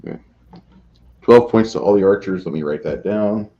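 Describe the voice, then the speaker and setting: A man's voice: on the low side, moderate pace, dark tone, lo-fi sound. A man as game master of a tabletop game, casual and joking as he calls the rolls.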